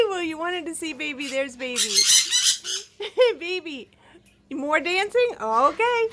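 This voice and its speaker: High-voiced woman cooing at her parrots. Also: very animated, slow pace, fairly bright tone. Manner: gushing sing-song baby talk to her birds, frequent laughter. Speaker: parrot keeper at a home zoo. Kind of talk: casual vlog, talking to her pet birds. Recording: noisy room with squawking birds. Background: parrots squawking and chattering.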